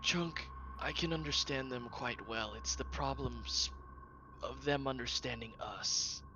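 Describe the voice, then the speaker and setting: A man plays a tabletop game, speaking in a dry, matter-of-fact way at an average pitch. A clear hiss runs behind his voice throughout. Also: a little slow. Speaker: player. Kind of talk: casual tabletop game chat.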